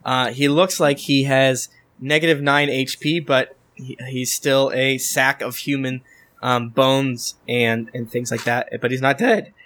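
A man's voice: mid-range voice, little pitch movement, unhurried, a bit bright. A man narrating as dungeon master of a tabletop game, loose and joking as he describes the fight. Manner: loose, joking, often restarts lines.

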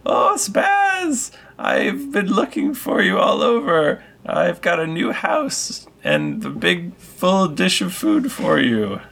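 A doting, eccentric cat lady with a soaring, gushing falsetto, as a man puts her on. Her bright, sharp tone cuts through over a gravelly edge, all sweetness and fuss. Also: wildly swooping pitch, slow, few pauses, full character voice. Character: eccentric cat-loving woman.

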